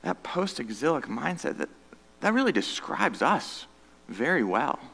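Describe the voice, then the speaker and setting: A man preaching a sermon as pastor, earnest, moving between loud emphatic stretches and hushed, low passages. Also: sing-song, measured pace, gravelly, husky, in a large hall.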